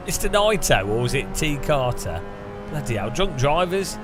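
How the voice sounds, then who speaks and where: A man with an English accent chatting casually to his stream while racing, rambling, with quick outbursts at other drivers. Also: mid-range voice, very animated. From England. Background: music.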